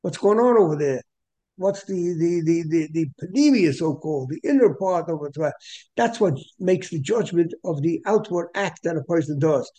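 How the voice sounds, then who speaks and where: A man's voice: on the high side, animated, normal speed, dark tone. A man giving a Torah class lecture, explaining at length in a repetitive, digressive way and mixing in Hebrew terms. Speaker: Torah teacher.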